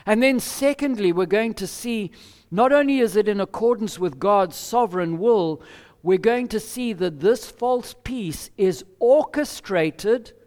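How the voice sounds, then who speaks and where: A man preaching an expository sermon as pastor, measured and emphatic with deliberate pauses. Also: sits high, darkish tone, in a large hall.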